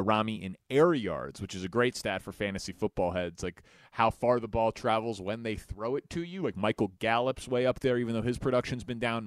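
A man's voice: medium pitch, no room sound. A male sports radio host taking calls and chatting casually about football stats. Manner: relaxed, chatty, quick stat asides. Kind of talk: call-in radio talk.

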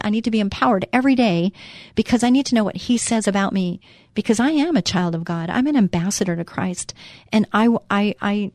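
A woman's voice: mid-range voice, a little mellow, dry recording, clean studio sound. A middle-aged woman hosting a Christian inspirational talk show, speaking earnestly and from the heart with many fillers and restarts. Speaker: radio show host.

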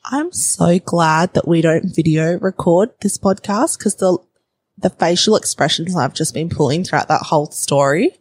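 A woman hosting a podcast, chatty and quick to react. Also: on the low side, a little mellow, slightly rough. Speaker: podcast host. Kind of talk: casual podcast chat.

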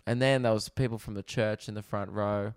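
A man's voice: lowish voice, fairly quick, clean tone, dry recording, clean studio sound. Rambling Australian man telling stories. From Victoria, Australia. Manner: rambling, animated storytelling with swearing. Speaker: comedian and podcast host. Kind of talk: casual storytelling chat. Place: rented holiday apartment.

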